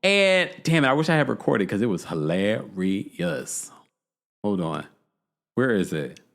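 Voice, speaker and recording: A man hosting a podcast, casually recapping a reality show in an animated, gossipy way and laughing often. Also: on the low side, a little slow, creaky. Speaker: podcast host.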